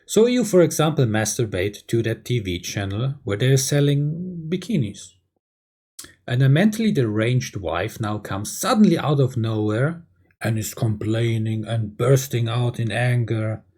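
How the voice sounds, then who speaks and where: A man's voice: medium pitch, expressive, measured pace, darkish tone, husky. A man delivering a blunt, crude lecturing monologue, often tagging lines with "yeah?". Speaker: video creator. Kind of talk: ranting monologue.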